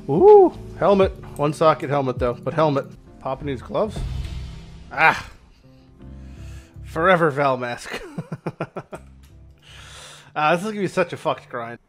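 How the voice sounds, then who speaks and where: A man streaming a video game who comments excitedly and swears at rare loot. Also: fairly high pitch, measured pace, long pauses, faint music behind. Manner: excitable, swears often, shouts in surprise. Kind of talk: gameplay commentary.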